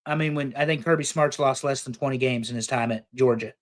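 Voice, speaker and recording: A man's voice: medium pitch, fast. A man co-hosting a casual sports talk stream, opinionated and joking, cursing casually. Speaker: podcast co-host.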